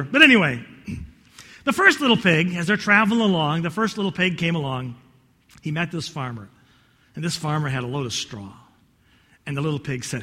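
Lively male pastor, folksy storyteller, bright high voice, echoey church hall. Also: normal speed, pauses often. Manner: animated, folksy storyteller with many restarts. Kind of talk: sermon with storytelling.

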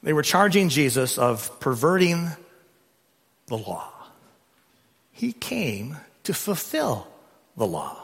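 A middle-aged male pastor preaches with a bright, forceful tone and a fairly high voice. He builds to loud, emphatic peaks. His voice rings through the long reverb of a church sanctuary. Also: sing-song, takes it slowly, gravelly, long pauses, breathy edge. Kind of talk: sermon. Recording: long reverb of a large hall.

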